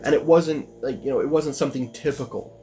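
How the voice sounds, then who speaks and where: A man's voice: mid-range voice, fairly quick, dark tone, soft background music. A man tells a personal story straight to camera in a loose, casual way. He rambles and restarts, leaning on "you know" and "like", and his voice jumps up as he gets worked up. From United States. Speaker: vlogger.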